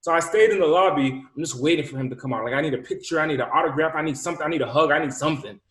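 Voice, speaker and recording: Man from Rhode Island, entrepreneur, animated storytelling, acts out dialogue, slightly high voice, echoey room. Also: very fast, slight background noise. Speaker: entrepreneur and speaker. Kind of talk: personal storytelling.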